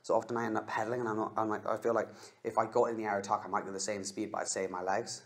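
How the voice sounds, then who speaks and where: A young Australian man rambling in a casual voice-over over his own race footage, excitable and full of fillers. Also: fairly low pitch, rapid-fire. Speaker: cycling vlogger.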